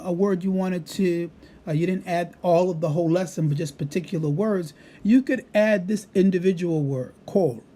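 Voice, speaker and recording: A middle-aged Hebrew teacher with a high-pitched, mellow voice patiently walks through a vocabulary app in a screen-recorded demonstration lesson. He uses frequent "uh" fillers, and there's slight background noise.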